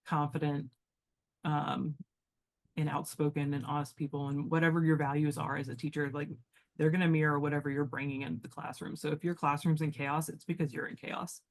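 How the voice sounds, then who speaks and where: As a guest on a casual podcast, a teacherly woman thinks aloud in a deep, level voice, speaking briskly. She's reflective and loose, rambling along with heavy use of filler words.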